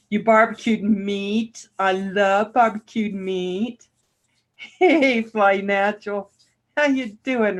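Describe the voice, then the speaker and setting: A woman hosting a casual livestream, greeting viewers by name and laughing often as she chats. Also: mid-range voice. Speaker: livestream host.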